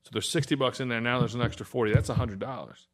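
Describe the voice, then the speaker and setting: A man's voice: mid-range voice, fast talker. A man hosting a casual tattoo talk show, telling stories with lots of swearing and acted-out quotes. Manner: profane storyteller, acts out quotes. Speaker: podcast host. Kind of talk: casual chat.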